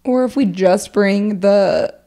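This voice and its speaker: A woman's voice: mid-range voice, slow, creaky, dark tone. A young woman co-hosting a podcast in casual chat, throwing in jokes and finishing her sister's sentences.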